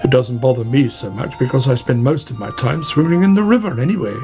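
A man's voice: medium pitch, a little fast, over music, natural voice. A man doing a chatty friendly otter.

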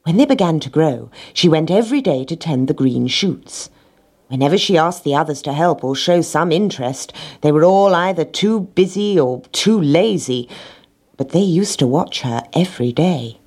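A woman reading a children's storybook aloud, gently, with lively character voices. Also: low voice, moderate pace, breathy edge.

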